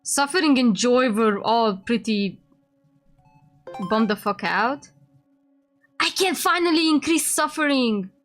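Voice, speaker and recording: A woman's voice: on the high side, expressive, slow pace, pauses often, a bit bright, soft background music. A woman streamer playing a game, reading its text aloud and reacting as she goes. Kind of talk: casual game commentary.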